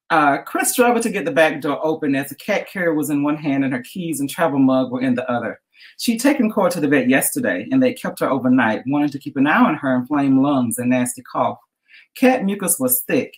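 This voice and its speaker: A woman's voice: very deep voice, rough recording. A woman author chatting animatedly and reading aloud from her own story. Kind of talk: casual chat and reading from her book.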